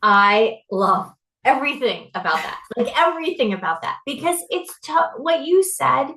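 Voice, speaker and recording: A woman's voice: sits high, very animated, moderate pace, bright, forceful tone. A woman hosting a podcast, chatting casually in an enthusiastic, affirming way. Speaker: podcast host. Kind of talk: casual conversation. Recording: roomy echo.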